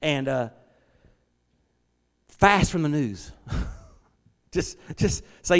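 A middle-aged man, preaching a lively, conversational sermon from a church hall. He repeats his words and talks back to the congregation. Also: a little high, drawn-out words, clear, resonant tone. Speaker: pastor. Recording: long church hall reverb.

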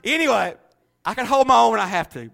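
A middle-aged man preaching a sermon, telling folksy stories in an animated way and laughing often. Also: very high voice, fast talker, gravelly.

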